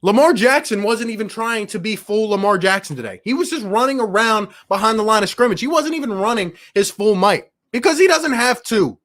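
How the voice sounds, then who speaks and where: A man's voice: high voice, lively intonation, a little fast, hardly any pauses, fairly bright tone. A man hosting a live post-game sports show, ranting with passion and frustration, reading viewer messages and calling them bro and my guy. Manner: casual slang, calls viewers bro and my guy. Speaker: sports talk show host.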